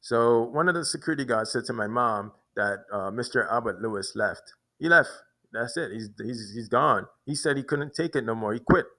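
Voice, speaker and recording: A man's voice: mid-range voice, lively intonation, moderate pace, few pauses, pushed and bright. A man telling a long personal story in a rambling way, restarting and repeating words often. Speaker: vlogger. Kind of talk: casual storytelling monologue.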